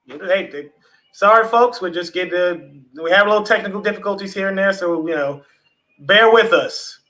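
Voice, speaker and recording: A relaxed, chatty man hosts a livestream from home over a video call. His voice sits a little high, and he talks loosely to his viewers, dropping the odd swear word. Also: normal speed, rough recording. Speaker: livestream host. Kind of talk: casual livestream chat.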